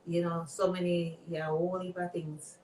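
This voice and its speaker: A woman's voice: fairly low pitch, flat delivery, normal speed, a little mellow. A woman with a Jamaican accent, hosting a livestream and chatting in an encouraging, reflective way. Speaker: livestream host. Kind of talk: casual chat on a livestream. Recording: echoey, distant mic with faint noise.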